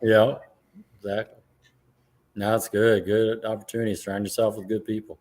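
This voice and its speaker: Low-voiced man making brief remarks. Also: little pitch movement, moderate pace, darkish tone. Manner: brief, encouraging comments. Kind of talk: casual chat.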